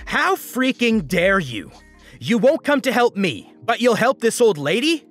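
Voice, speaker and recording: A bratty, entitled young woman shrieking in a high voice, as a male narrator acts her out. Her snobby tone swoops wildly up and down. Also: big pitch swings, measured pace, faint music behind, full character voice. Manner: snobby, shrill, yelling.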